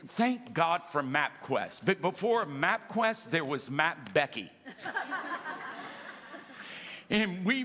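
A middle-aged man preaching a sermon to a congregation, calling out to them and acting out little scenes. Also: a little high. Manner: animated preaching with audience call-outs. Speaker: pastor. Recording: long reverb of a large hall.

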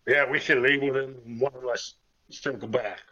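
A man's voice: medium pitch, steady tone, moderate pace, sharp tone, lo-fi sound. A man playing a tabletop game, chiming in with brief casual remarks. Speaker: player.

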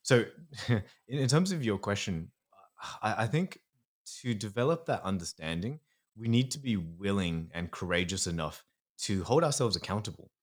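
A man's voice: on the low side, expressive, normal speed. A man, a psychologist explaining things earnestly in a podcast interview. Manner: earnest, explanatory, slips into acting out inner voices. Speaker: psychologist guest.

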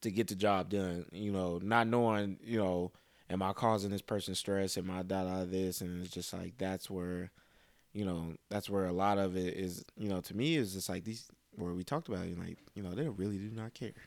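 Man, low pitch, dry close sound, frank, profane, animated casual chat. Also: normal speed, no echo.

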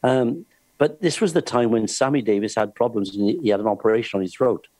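A man who works as a singer and entertainer on cruise ships, telling lively anecdotes with plenty of laughs and acted-out voices. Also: mid-range voice, fast, dry recording. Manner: lively storyteller, laughs often, acts out voices in his stories.

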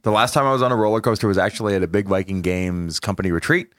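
Man, podcast co-host, very low voice, dry close sound, easygoing teasing humor. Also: steady tone, racing, a bit bright, no room sound. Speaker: podcast co-host at a game studio. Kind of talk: casual podcast chat.

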